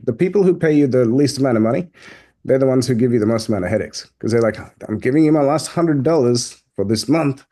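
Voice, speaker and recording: A man hosting a business Q&A video call, talking casually and acting out the people in his stories. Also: medium pitch. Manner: animated storyteller, acts out quoted people. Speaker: host and business coach.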